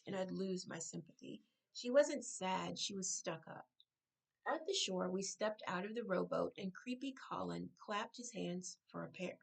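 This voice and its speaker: A woman author reading her own novel aloud, now and then breaking off to correct herself or make a quick aside. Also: lowish voice, vocal fry, rough recording.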